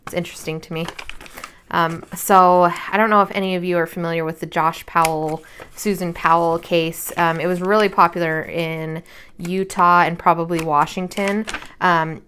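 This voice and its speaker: A woman's voice: deep voice, a bit bright, a little hiss or hum. A tired woman in her thirties chatting casually at home while she crafts, rambling with lots of fillers. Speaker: crafting vlogger and mother.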